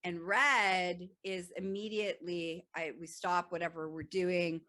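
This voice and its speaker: A woman host with a fairly low but bright, forceful voice. She lays things out step by step in relaxed conversation. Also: a little slow. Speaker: podcast host. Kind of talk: casual chat.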